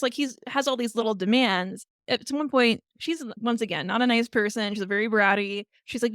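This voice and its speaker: Woman, podcast co-host, higher voice, animated storytelling, dry close mic. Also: normal speed, dry recording. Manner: animated storytelling, retelling a tale with quoted lines and laughs. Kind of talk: casual chat.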